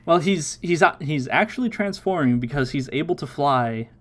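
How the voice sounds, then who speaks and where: A man hosting a casual watchalong podcast, recapping episodes with lively, chatty energy. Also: a little high. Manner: animated recapping with quick put-on quotes and laughs. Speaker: podcast host.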